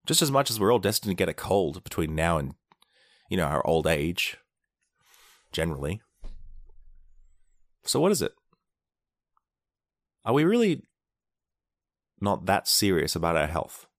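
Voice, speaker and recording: A man's voice: low voice, dry recording, clean studio sound. A man rambling sarcastically in a comedic monologue, now and then acting out quoted people in short bursts while sick with a mild illness.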